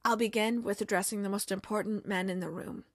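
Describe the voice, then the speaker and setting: A woman's voice: mid-range voice, fairly even intonation, brisk, no echo, studio quality, pitched below the performer's own voice, natural voice. A woman voicing a grandiose, self-adoring male star footballer who speaks in solemn, lofty pronouncements.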